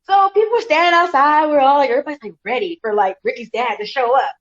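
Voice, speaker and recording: A woman in a casual chat, telling a story in a lively way with quick asides. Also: high-pitched. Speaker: show host. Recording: slightly dull lo-fi recording.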